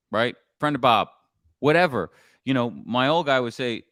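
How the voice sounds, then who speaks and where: A middle-aged man coaching on sales in a casual podcast chat, blunt and animated, sometimes swearing. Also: mid-range voice, normal speed, no room sound, studio quality. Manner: blunt, animated storytelling with profanity.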